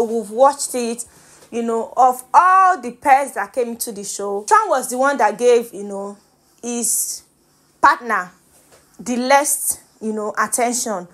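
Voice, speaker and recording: A woman with a Nigerian accent chats her way through reality show gossip in a playful, talkative manner. Her voice sits a little high, and she drops into pidgin now and then. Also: fairly bright tone. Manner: chatty and playful, mixing in pidgin and laughing. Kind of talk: casual gossip commentary.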